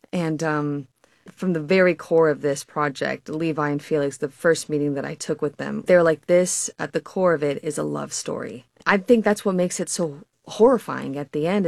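A woman guest with a very low voice and a gravelly edge. She speaks softly and reflectively in casual chat. The sound is close and dry. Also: dry recording. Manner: reflective, soft-spoken, casual. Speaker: actor, guest.

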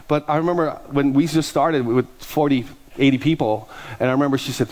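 This middle-aged male preacher has a medium-pitched voice and talks a little fast. He tells stories throughout his sermon, animatedly voicing the people in them.

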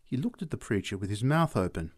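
A man reading a short story aloud as the narrator, in a measured storytelling manner. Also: fairly low pitch, big pitch swings, a little mellow.

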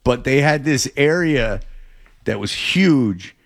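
A man chatting casually, spinning out a long story with plenty of false starts and sudden bursts of excitement. His voice sits at an ordinary pitch, and the recording is close and dry. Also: slow, gravelly, dry recording. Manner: rambling, animated storyteller with frequent restarts.

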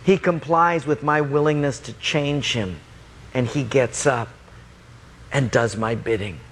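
A man preaching, voicing God in a low, measured, gently reproving way. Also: a little hiss or hum, lightly acted. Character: God, a calm fatherly divine voice correcting a man.

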